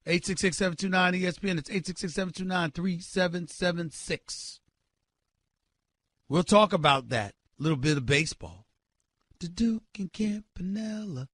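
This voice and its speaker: A man hosting a sports talk show, ranting loudly and emphatically with incredulous exclamations and direct calls to his listeners. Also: sits high, moderate pace, no echo. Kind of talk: sports radio rant.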